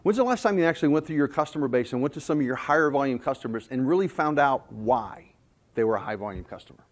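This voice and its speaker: A man's voice: medium pitch, lively intonation, fast talker. Folksy male sales trainer from North Carolina. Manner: folksy storytelling with anecdotes. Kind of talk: conference presentation.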